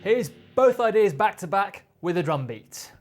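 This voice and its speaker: A man's voice: high voice, lively intonation, unhurried, faint music behind. A man with a British accent teaching a drum lesson, explaining patiently and counting beats aloud. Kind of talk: instructional explanation.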